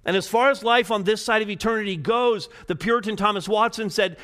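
Male pastor mid-sermon, fairly high voice, dynamic delivery from hushed to urgent. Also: fairly quick, few pauses. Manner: swings between quiet, low emphasis and rising, urgent intensity. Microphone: preaching to a live congregation, also streamed online.

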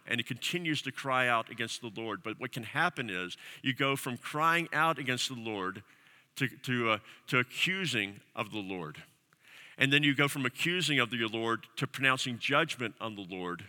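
Bright-voiced male pastor preaching in a hall. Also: medium pitch, animated, normal speed. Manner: earnest preaching with repeated phrases and emphatic questions. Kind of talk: sermon. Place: church sanctuary.

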